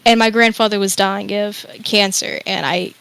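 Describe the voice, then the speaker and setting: Smooth-voiced young woman telling a personal story. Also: medium pitch, steady tone, moderate pace, a bit bright, poor audio. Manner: rambling, emotional, swears freely. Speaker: interview guest.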